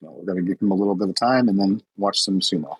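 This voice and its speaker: A man's voice: low-pitched, fast talker, husky, no room sound, low-quality recording. A man co-hosting a casual podcast in an easygoing, laid-back way. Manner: easygoing, laid-back, plugs an upcoming stream. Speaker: podcast co-host.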